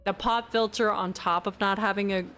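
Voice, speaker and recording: A woman's voice: medium pitch, steady tone, normal speed, fairly bright tone. A young woman chatting casually on a live stream from her new home, talking into a desk USB mic without a pop filter. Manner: chatty, rambling, giggly. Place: new home with fan and AC running.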